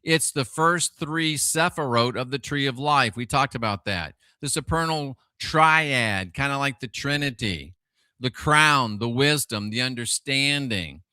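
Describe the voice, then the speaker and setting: A middle-aged man hosting a live stream, his voice very bright and sharp. He keeps asking rhetorical questions and greets viewers by name. The sound is dry and close, with no room echo. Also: mid-range voice, expressive, a little slow, smooth. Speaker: livestream host.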